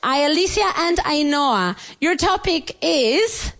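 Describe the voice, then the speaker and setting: A woman hosting a children's radio show from a school classroom. She drills English vocabulary with young pupils, praises them often, repeats words slowly and clearly, and switches between English and Spanish. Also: very high-pitched, very animated, fairly bright tone.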